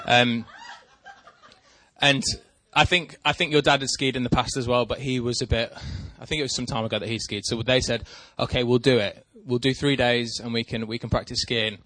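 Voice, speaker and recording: In casual conversation with a co-host, a man spins a meandering story at his own expense, getting animated whenever excitement takes hold. His voice is medium in pitch, his speed normal, and there's no echo.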